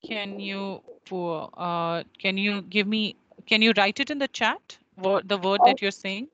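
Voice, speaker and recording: A woman teaches over a video call at an unhurried pace. She repeats words carefully to model their pronunciation. Her voice sits at an ordinary pitch. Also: fairly even intonation, fairly bright tone, lo-fi sound. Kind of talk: online phonetics lecture.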